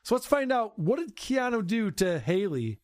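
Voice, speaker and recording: Male podcast host, sarcastic clip commentary, lively swooping delivery, dry close sound. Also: high-pitched, moderate pace, no echo. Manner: sarcastic, animated, laughing. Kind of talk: commentary on clips.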